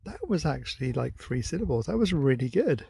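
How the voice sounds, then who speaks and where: A man's voice: mid-range voice, very animated, a little fast, gravelly, dark tone, husky, dry recording. A young man, cheerful and chatty, thanking viewers for gifts and talking to his dog with frequent laughs. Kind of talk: casual vlog chat to camera and dog.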